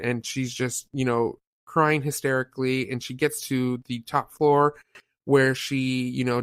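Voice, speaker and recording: A man hosting a casual review show, retelling film scenes in an animated, rambling way with lots of fillers. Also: medium pitch, clean tone, no room sound, clean studio sound. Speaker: podcast host reviewing a film. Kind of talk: casual chat.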